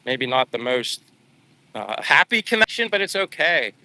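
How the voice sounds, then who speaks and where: A man's voice: mid-range voice, sing-song, normal speed, bright, forceful tone, no room sound. A middle-aged man vlogger telling a personal story in a casual live stream, emotional and rambling with many restarts.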